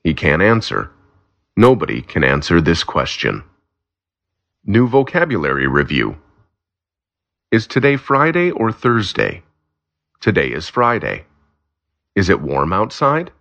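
A man narrating a simple graded story for language learners, slow and clear. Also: low voice, huge pitch swings, a bit bright, muffled recording.

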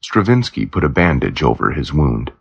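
Deep gravelly male storyteller. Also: sing-song, moderate pace. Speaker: narrator. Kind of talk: storybook narration. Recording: dull lo-fi recording.

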